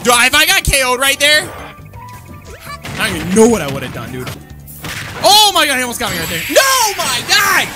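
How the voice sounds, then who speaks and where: A woman commenting on her own gameplay, excitable and slangy, often yelling at the screen. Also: on the high side, brisk, long pauses. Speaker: gaming channel host. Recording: loud game music behind voice. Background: game music.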